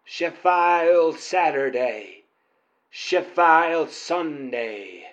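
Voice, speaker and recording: A man playing a prank caller who impersonates a famous male boxer, slow and quarrelsome. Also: on the high side, lively intonation, a bit bright, muffled recording, heavily acted. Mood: indignant.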